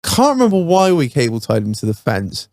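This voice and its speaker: A man's voice: a little high, wildly swooping pitch, a little fast, a little mellow, no echo, clean studio sound. A man co-hosting a podcast, telling school stories in a sweary, laughing, casual chat. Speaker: podcast co-host.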